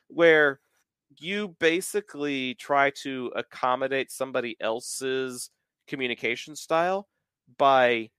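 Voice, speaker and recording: A man in his thirties from the American South hosts a podcast in a relaxed, talkative way. He lays out ideas at length and leans on plenty of filler words. His voice is mid-pitched and sits close and dry on the mic. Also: smooth, no room sound. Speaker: podcast host. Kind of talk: casual podcast chat.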